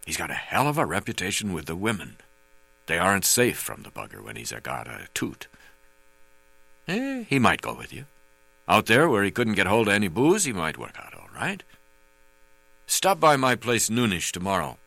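A man voicing a crude, hard-drinking heavyset older rancher and magistrate with a croaking, blunt, swearing manner. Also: low-pitched, wildly swooping pitch, normal speed, pushed and bright, no echo, heavily acted. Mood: jovial.

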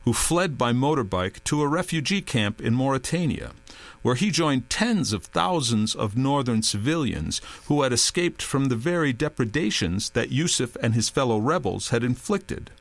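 A man giving a measured, expressive scripted reading as an audiobook narrator. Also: medium pitch, vocal fry, dry recording.

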